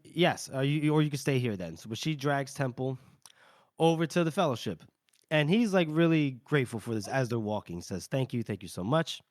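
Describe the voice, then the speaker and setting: A male podcast co-host casually recaps a novel's chapters, retelling scenes with quick put-on character voices and frequent laughs. His mid-range voice is recorded at studio quality with no echo.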